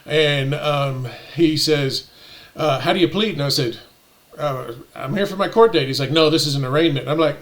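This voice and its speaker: A man casually telling a personal story, animated and indignant as he acts out the exchanges. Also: a little high, fairly quick. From United States.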